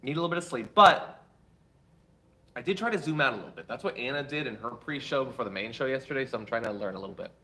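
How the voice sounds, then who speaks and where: A man's voice: mid-range voice, expressive, quick pace, sharp tone. A man hosting a political commentary show, reading viewer chats with wry asides, and saying he is tired.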